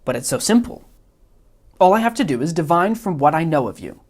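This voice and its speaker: A man voicing a pompous, boastful criminal mastermind who lectures in a smug, rapid-fire way. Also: a little high, big pitch swings, pitched above the performer's own voice.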